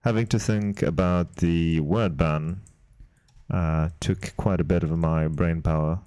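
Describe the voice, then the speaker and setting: A man's voice: low voice, fairly even intonation, measured pace, mellow, clean tone, dry recording. A man streaming while he works, chatting casually with his viewers in a playful, dry, teasing way and chuckling now and then. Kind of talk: casual live-stream chat while working.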